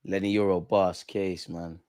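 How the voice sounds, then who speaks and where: A young man hosting a live football watch-along, chatting in street slang and shouting when goals go in. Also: low voice, flat delivery, measured pace.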